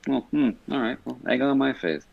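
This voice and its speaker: A man's voice: medium pitch, expressive, a little fast, creaky, narrow, tinny audio. A man in casual podcast chat, stoned, rambling and swearing as he talks. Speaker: podcast guest.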